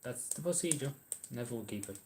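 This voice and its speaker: A man's voice: mid-range voice, expressive, a little fast, darkish tone, slight background noise. An Irish man chatting casually on a livestream, answering viewers' messages in a rambling, hesitant way with lots of ums and restarts.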